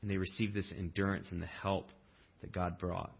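A male pastor delivering a sermon in a relaxed, conversational way, with humorous asides and acted-out quotes. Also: deep voice, normal speed, creaky, breathy edge, highs cut off.

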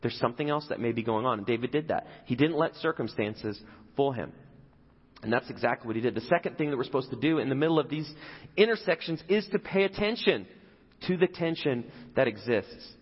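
Animated preacher in an echoey hall. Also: male voice, mid-range voice, fairly quick, husky, highs cut off. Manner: conversational, asks the audience questions. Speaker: pastor. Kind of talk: sermon.

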